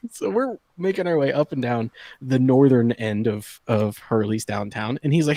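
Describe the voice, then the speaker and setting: Man, casual storyteller, animated, laughs a lot, very dry sound. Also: medium pitch, moderate pace, no room sound. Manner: animated, laughing often, acting out quoted voices. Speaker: podcast host. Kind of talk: casual storytelling among friends.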